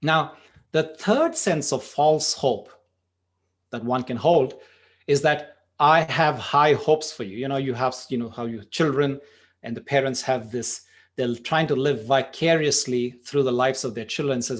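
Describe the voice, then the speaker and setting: A man's voice: medium pitch, measured pace. Conversational male meditation teacher. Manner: conversational, frequent "you know", spurts of speed. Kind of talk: workshop talk with storytelling.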